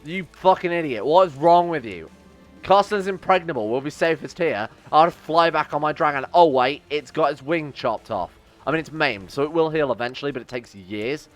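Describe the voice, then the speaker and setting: A man giving let's play commentary on a strategy game, exasperated and swearing, swinging between loud outbursts and low grumbles. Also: moderate pace, hardly any pauses, faint music behind. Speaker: game streamer.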